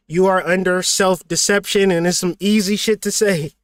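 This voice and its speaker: A high-voiced man preaching motivation in a blunt, profane way, firing off rhetorical questions. The sound is close and dry, with no room around it. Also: moderate pace, hardly any pauses, no room sound. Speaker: spiritual teacher and channel host. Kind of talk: motivational livestream talk.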